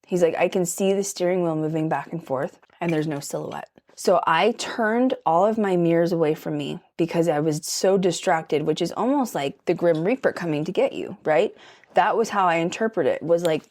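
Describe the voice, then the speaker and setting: Young woman vlogger, slightly low voice, rambling ghost story, lots of "okay?". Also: normal speed, a little mellow. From Colorado. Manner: chatty, emphatic, many "like" and "okay?" asides. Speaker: paranormal vlogger. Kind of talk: casual storytelling while doing makeup.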